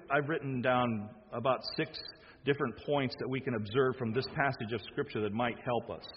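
Husky male preacher, emphatic sermon delivery, dull lo-fi recording. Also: fairly high pitch. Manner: emphatic, acts out quoted lines with rising force. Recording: dull sound with long hall reverb.

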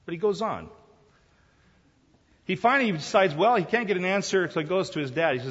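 A man's voice: high voice, animated, moderate pace, pauses often, a bit bright, husky. A man preaching a sermon as pastor, emphatic and full of rhetorical questions. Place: large hall. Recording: dull sound in a reverberant hall.

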